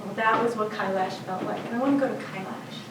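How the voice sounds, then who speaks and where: A woman's voice: medium pitch, quick pace, noisy background. A woman from Chicago's South Side telling a personal story on stage, chatty and often laughing. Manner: lively, conversational, laughing at her own story. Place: storytelling event. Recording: roomy live venue, mic at a distance.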